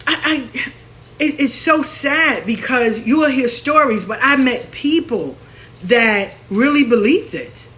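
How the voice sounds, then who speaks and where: Her high, slightly bright voice moves slowly as she hosts her own show, a spiritual practitioner ranting frankly and animatedly in a casual monologue while mimicking others.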